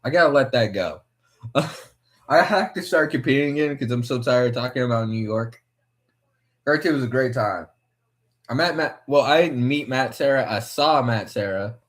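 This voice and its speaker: A man's voice: mid-range voice, moderate pace. Rambling young man, swearing freely. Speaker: podcast host watching fights. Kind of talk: rambling casual commentary.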